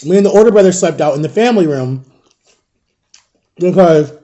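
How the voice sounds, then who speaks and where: A man in his thirties telling a personal story in a casual vlog, animated and acting out the people in it. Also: on the high side, a little fast, highs cut off. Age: 30s. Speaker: storytime vlogger.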